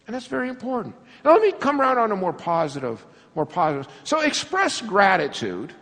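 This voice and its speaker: A man preaching a sermon, an animated storyteller who laughs often and acts out little scenes. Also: sits high, fairly quick, big-room sound. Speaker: pastor.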